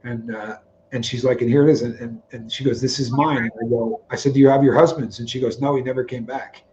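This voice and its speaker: A man's voice: medium pitch, fast, muffled recording, a little hiss or hum. A man co-hosting a livestream, telling stories casually and acting out the dialogue in quotes. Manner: animated, acts out dialogue in quotes. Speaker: co-host of a livestream. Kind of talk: casual storytelling chat.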